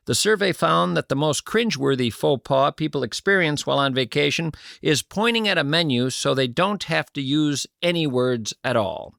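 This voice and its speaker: Wry, gravelly talk radio host. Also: male voice, on the high side, lively intonation, moderate pace, few pauses, a bit bright, no echo, studio quality. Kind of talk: comic radio commentary.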